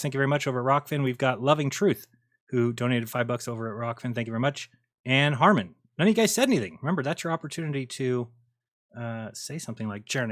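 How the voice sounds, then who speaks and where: A man hosting a livestream, chatting loosely in a bright, forward voice at an ordinary pitch. He rambles as he goes and drops a swear word here and there. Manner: rambling, laid-back, swears. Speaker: livestream host. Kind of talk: casual livestream chat.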